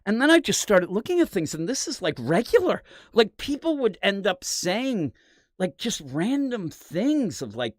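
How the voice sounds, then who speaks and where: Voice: medium pitch, measured pace, dry recording, clean studio sound. A comics podcast host telling a long rambling story in casual chat, swearing freely. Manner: rambling, animated, profane storytelling.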